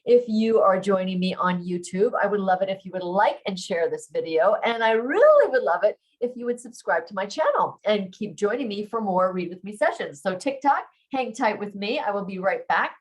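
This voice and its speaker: A woman's voice: mid-range voice, low-quality recording. Emotional woman reading her own romance. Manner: expressive, emotional, slows on heavy lines. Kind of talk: first-person book reading with a chatty outro.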